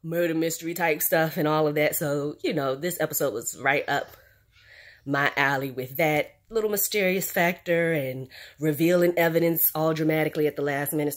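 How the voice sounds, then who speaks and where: A woman hosts her own recap vlog. She talks in a low, relaxed register and rambles casually, full of fillers and side comments. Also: normal speed. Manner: chatty, rambling with fillers and asides. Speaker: channel host reviewing a series.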